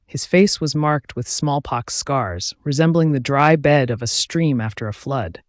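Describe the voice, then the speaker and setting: A man narrating a classic novel as an audiobook, in a clear, expressive storytelling manner. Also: mid-range voice, unhurried, dry recording, studio quality.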